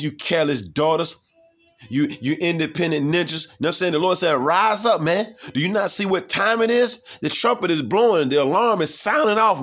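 A man's voice: fairly high pitch, fairly bright tone. A man preaching from scripture in a heated, profane way, reading verses aloud and breaking in again and again to ask his listeners if they see. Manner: profane, heated, keeps asking "you see?"; reads verses aloud, then comments on them.

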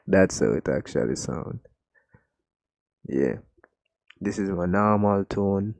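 Laid-back man with a low, slow voice. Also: dark tone. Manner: casual, repeats "actually" and "like", loose grammar. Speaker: tech channel host. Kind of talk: casual unboxing vlog. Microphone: USB desktop mic close to mouth. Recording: raw unedited mic audio, faint music.

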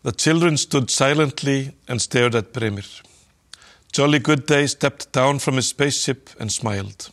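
A man narrating a children's storybook aloud in a calm, measured way. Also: medium pitch.

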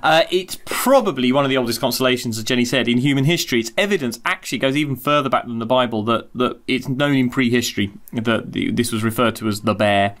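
A man's voice: medium pitch, fast, few pauses, a bit bright. A man co-hosting an astronomy podcast over a video call, telling myths in a cheeky, irreverent way with casual swearing. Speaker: co-host. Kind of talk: casual storytelling chat.

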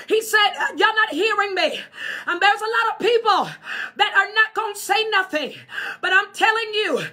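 A woman's voice: very high-pitched, animated, moderate pace, sharp tone. A woman preaching an impassioned sermon, fervent and crying out in bursts.

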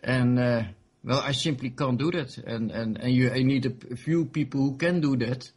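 A man's voice: medium pitch, normal speed, darkish tone, slightly rough. A man being interviewed about his game mod, talking casually with many fillers and restarts. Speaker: interview guest, game modder.

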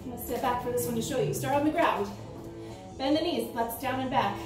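An American woman fitness instructor with a slightly high, brisk voice counts reps and coaches a home workout, a little out of breath as she exercises. She's in a home room with a ceiling fan, picked up by a camera some distance away, so the sound is roomy and distant with background music.

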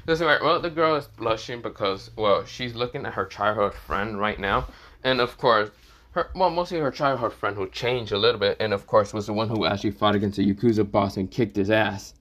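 A man's voice: lowish voice, a little fast, fairly bright tone. Man rambling through a story. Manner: rambling, full of fillers. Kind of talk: casual fan-fiction narration.

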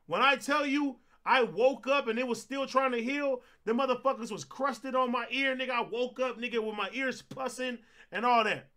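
Loud, high-voiced young man telling a story. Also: moderate pace, few pauses. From Compton, California. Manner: animated, profane storytelling, acting out quotes. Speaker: streamer host. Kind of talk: casual storytelling on a livestream.

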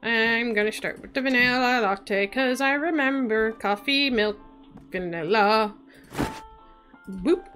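A woman's voice: on the high side, a little slow, pushed and bright, faint music behind. A woman streamer giving casual, playful gameplay commentary and making silly sound effects as she plays. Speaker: VTuber streamer.

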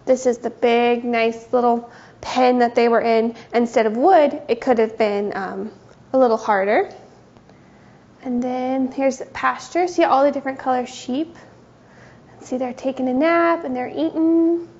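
A woman giving a gentle, sing-song Bible lesson to small children. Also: sits high, fairly even intonation, unhurried, muffled recording. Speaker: children's teacher.

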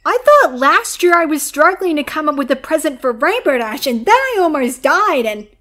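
A woman's voice: high-pitched, sing-song, normal speed, a bit bright. A woman voice actor rambling between takes in a playful, mock-annoyed way. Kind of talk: blooper outtakes, casual chat.

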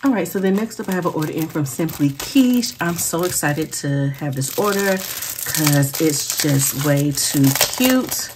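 A woman speaks in a low voice, chatting casually to her viewers. She is giggly and effusive, calling everyone y'all. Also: lively intonation, a little slow, noisy background. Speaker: planner sticker vlogger. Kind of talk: casual chat.

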